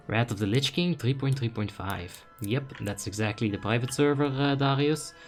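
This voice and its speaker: A young man from the Netherlands doing casual live gameplay commentary, reading chat aloud with excited bursts. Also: mid-range voice, measured pace, soft background music. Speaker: game streamer.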